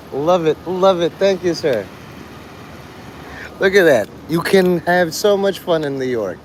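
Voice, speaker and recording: Man, casual rambling commentary, sarcastic, swearing, fairly high voice, noisy background. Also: expressive, slow pace. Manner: sarcastic, swears, mocks others in put-on whiny voices. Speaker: streamer.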